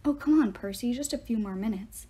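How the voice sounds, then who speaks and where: A clever, stubborn young girl from a storybook, voiced by a woman reading aloud. She sounds impatient and dismissive, with a husky, mellow tone set a little high. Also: a little fast. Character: smart young girl, stubborn, dazed by games.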